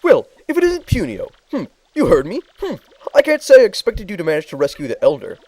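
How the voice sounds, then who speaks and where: A man's voice: high voice, huge pitch swings, fairly quick, darkish tone, dry recording, pitched above the performer's own voice, exaggerated voice, rough recording. Man putting on a stubborn proud creature, sneering tone, game character. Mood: defiant.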